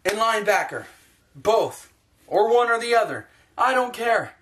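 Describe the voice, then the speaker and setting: Young man ranting about sports, high voice. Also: animated, measured pace, a bit bright. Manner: profane, ranting, blunt. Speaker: sports vlogger. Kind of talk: casual ranting sports opinion vlog.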